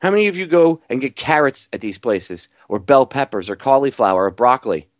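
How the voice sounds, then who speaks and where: A man hosting a talk radio show, delivering an animated, sarcastic monologue full of rhetorical questions. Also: medium pitch, brisk, dry recording, clean studio sound.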